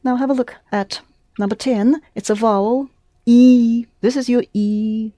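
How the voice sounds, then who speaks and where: A woman giving a one-to-one language lesson, patiently modelling words and repeating them slowly for her students. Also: on the high side, fairly even intonation, mellow, no room sound, clean studio sound. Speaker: language teacher.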